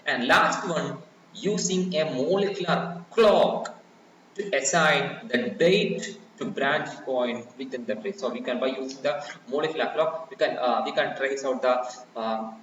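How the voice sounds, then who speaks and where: A man's voice: mid-range voice, unhurried, fairly bright tone. Lecturing man in a very echoey room. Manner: repetitive, many restarts and fillers. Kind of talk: explaining slides in a recorded lecture. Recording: very echoey, distant, muffled, faint background noise.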